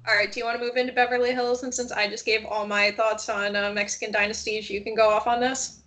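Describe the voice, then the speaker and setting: A woman co-hosting a casual chat show, telling stories in an animated way and quoting people as she goes. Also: a little high, fast. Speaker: podcast co-host. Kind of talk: casual chat about reality TV.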